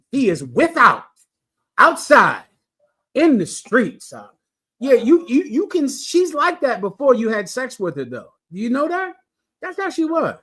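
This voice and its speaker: A man's voice: high-pitched, fairly bright tone, husky. Blunt, crude preaching man. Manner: blunt, crude and scolding, with pointed questions. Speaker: preacher lecturing a class. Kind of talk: preaching commentary.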